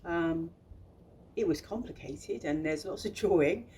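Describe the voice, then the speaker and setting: Older woman, thick Bristolian accent, lowish voice, rambling casual talk, faint room hum behind. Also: a little slow, a little mellow. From England. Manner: chatty, self-deprecating, many ums and restarts. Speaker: children's book illustrator. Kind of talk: casual talk about her book.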